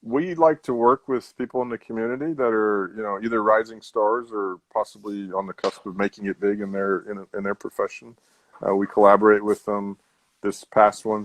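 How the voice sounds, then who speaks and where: Low-voiced guy chatting loosely about his brand, dry close sound. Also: dry recording, rough recording. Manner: easygoing, rambling with fillers. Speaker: guest, tequila brand founder. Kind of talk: casual podcast chat.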